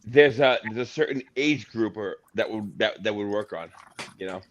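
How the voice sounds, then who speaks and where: A man's voice: lowish voice, normal speed. A man in casual podcast banter, stumbling through crude explanations.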